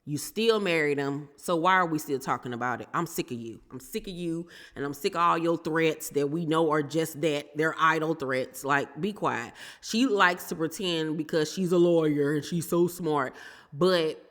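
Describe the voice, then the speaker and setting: Recapping a reality TV show for her channel, this woman is sassy and blunt, tossing out shade in casual, opinionated remarks. She has a deep, slightly bright voice at a moderate pace, and the recording sounds like a big room.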